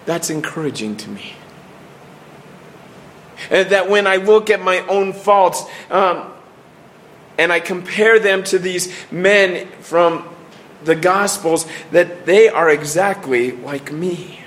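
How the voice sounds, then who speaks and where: Male preacher, middle-aged, earnest sermon, fairly high voice, faint room ambience. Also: a bit bright, slight background noise. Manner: earnest, with many restarts and falling pauses.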